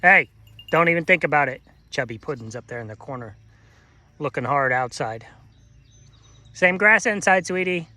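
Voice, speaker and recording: A man's voice: mid-range voice, fairly quick, pushed and bright, dry recording. A man on a farm talking to his goats in a doting, teasing sing-song, coaxing them through a gate out in the pasture. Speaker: farmer and vlog host. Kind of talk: casual vlog talk to animals.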